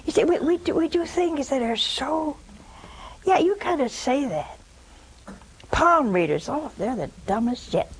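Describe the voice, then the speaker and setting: A woman's voice: high voice, animated, a little slow, slight background noise, low-quality recording. A woman hosting a religious call-in show, preaching with emphasis, repeating her points and adding scornful asides. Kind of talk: religious preaching and answering callers.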